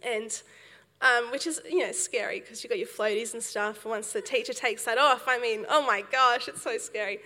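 A young woman preaching with a bright, forceful voice that sits a little high. She tells her story in a lively way, acting out quotes as she goes. Her voice rings with the long reverb of a hall. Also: moderate pace. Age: young adult. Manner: storytelling with laughs and acted quotes, animated. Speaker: speaker at a church service. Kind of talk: sermon.

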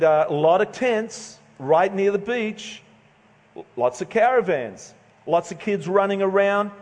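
A middle-aged Australian man preaches in a loose, joking, chatty manner, often restarting his phrases. His voice sits a little high for a man, and the church hall around him rings with a long reverb. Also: darkish tone. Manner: casual, joking, conversational preaching with stumbles. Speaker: pastor. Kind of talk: sermon.

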